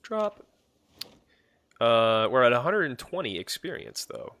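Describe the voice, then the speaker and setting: A man's voice: mid-range voice, sing-song, moderate pace, a bit bright. A young man streaming a game, chatting casually with his viewers in a rambling way. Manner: rambling, talks to chat, many fillers and restarts. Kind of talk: casual live-stream chat.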